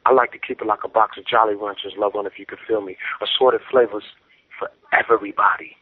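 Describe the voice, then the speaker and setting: A man's voice: on the low side, steady tone, fast, dry recording. A man calling in by telephone, talking in emotional slang and fighting back tears. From San Francisco Bay Area. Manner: emotional, preachy slang-heavy. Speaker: guest rapper. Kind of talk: phone-in shout-outs. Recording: dry tinny phone line.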